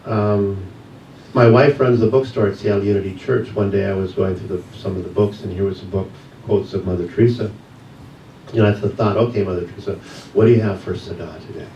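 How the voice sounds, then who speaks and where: A man with a fairly low voice tells a personal story from the pulpit, earnest and reflective. He sounds set back from the mic, with the sound ringing around a large church room. A faint hiss sits under his voice. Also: steady tone, fairly quick, dark tone, reverberant, distant mic, lo-fi sound. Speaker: guest speaker at a church service. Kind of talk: personal testimony talk. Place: church sanctuary.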